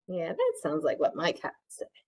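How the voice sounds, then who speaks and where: A woman's voice: sits low, wildly swooping pitch, moderate pace, darkish tone, low-quality recording. Woman reading a picture book to children. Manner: interactive, asks children questions. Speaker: children's librarian. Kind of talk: picture-book read-aloud.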